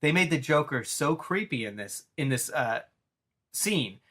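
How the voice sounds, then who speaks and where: A man in his thirties excitedly retelling a cartoon episode in casual chat, rambling with restarts. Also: on the high side, a little slow.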